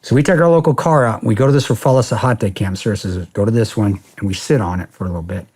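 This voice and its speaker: A man in his forties tells a story as a podcast guest. His low, husky voice stays blunt and profane, and he keeps acting out what people said. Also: quick pace. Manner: profane, blunt, animated retelling with quoted dialogue. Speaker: podcast guest, former security contractor. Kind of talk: storytelling in a casual interview.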